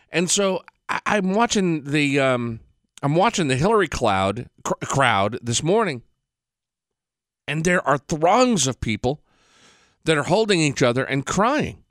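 A man's voice: fairly high pitch, big pitch swings, a little slow, fairly bright tone, no room sound, clean studio sound. A man hosting an opinionated monologue, talking in a sarcastic, mocking way with profanity and rambling restarts. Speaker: political commentary host.

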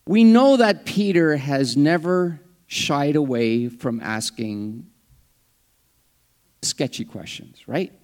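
A man preaching a sermon in a conversational style, with humorous asides, acting out the lines he quotes with sudden rises and drops in pitch and volume. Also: lively intonation, takes it slowly, darkish tone. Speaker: pastor.

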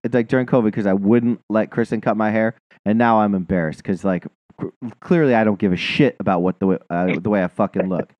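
A man's voice: fairly low pitch, no echo, dull audio. A man venting in casual chat, profane and exasperated, ranting with lots of swearing.

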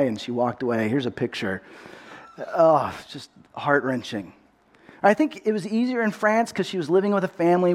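A middle-aged male pastor from Texas delivers a sermon in a noticeably high voice. He tells his story earnestly and often repeats the first word of a phrase as he goes.

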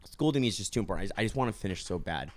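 A young podcast host chats casually in a lowish, animated voice at a very fast pace, with slight background noise. He rambles, leans heavily on fillers, and jokes a lot.

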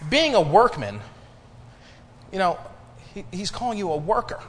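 Male preacher, fairly high, lively voice, call-and-response sermon, echoey church hall. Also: slight background noise. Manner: preaching with rising emphasis and call-and-response pauses. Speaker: pastor. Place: church sanctuary.

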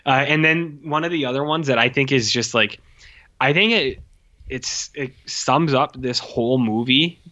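A man's voice: medium pitch, moderate pace, highs cut off. A man in casual conversation about a film, rambling with lots of fillers and acting out lines from scenes. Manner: rambling, many fillers, animated quoting of characters.

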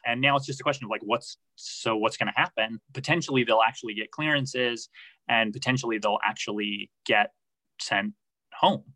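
Guy giving interview answers, bright tone, lots of uh and restarts, dry room. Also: mid-range voice, normal speed, dry recording, rough recording. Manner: thoughtful, many restarts and fillers. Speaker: podcast reporter, guest.

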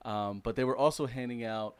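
A man co-hosting a podcast, telling a story in relaxed casual chat with lots of fillers. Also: medium pitch, brisk, clean tone, no echo. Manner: easygoing, apologetic, filler-heavy. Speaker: podcast co-host.

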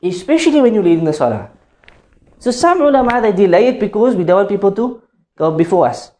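Mellow-voiced man teaching prayer rules. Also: high-pitched, very animated, fast talker. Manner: explanatory, checks understanding often; demonstrates chanted phrases. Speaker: Islamic teacher. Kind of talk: classroom lesson on prayer.

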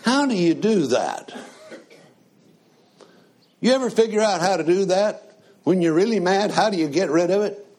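Guy preaching a sermon, kinda husky, bit high voice, asks the folks lots of questions. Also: animated, darkish tone. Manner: slow, conversational preaching with questions to the congregation.

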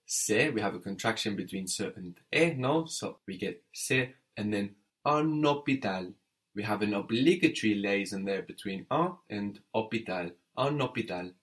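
In an audio lesson, a man teaches French in a voice on the low side, animated and fairly bright, at normal speed with few pauses. Patient and methodical, he prompts the learner and spells words letter by letter.

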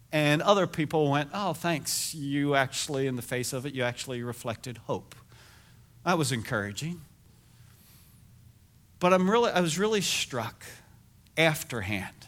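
A middle-aged man preaching a sermon as pastor, telling stories in an animated, self-deprecating way. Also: a little high.

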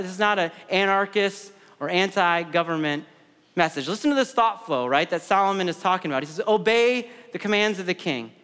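A man's voice: high-pitched, fairly bright tone, clear, resonant tone, big-room sound. A man in his thirties preaching a sermon in a conversational way, repeating words and adding side stories. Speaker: pastor.

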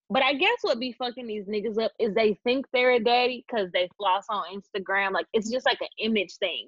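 A woman's voice: a little high, no echo. A woman co-hosting a podcast in casual chat, blunt and ranting, swearing freely. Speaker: podcast co-host. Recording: dull lo-fi audio.

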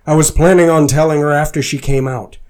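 A man's voice: a little high, fairly even intonation, fairly quick, darkish tone. A man reading a fan story aloud as a dramatic performance, voicing the narrator earnestly. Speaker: fanfiction reader.

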